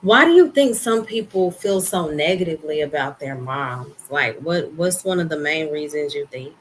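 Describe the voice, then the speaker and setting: A young adult woman co-hosting a podcast, talking in an earnest, expressive way and often saying "like" and "you know". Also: low voice, moderate pace, a little hiss or hum, poor audio. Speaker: podcast co-host. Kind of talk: casual chat. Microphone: studio microphone, podcast setup.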